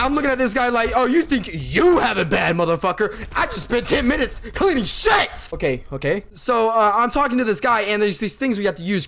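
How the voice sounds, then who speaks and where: A young man with a high voice rants through a casual story, exasperated and swearing freely. He acts out the voices of the people in it as he goes. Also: a bit bright. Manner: profane, exasperated, acts out quoted lines. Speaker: vlogger.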